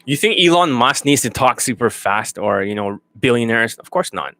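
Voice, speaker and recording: A man's voice: mid-range voice, expressive, normal speed, sharp tone, dry recording. Blunt, profane male dating coach. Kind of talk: coaching rant.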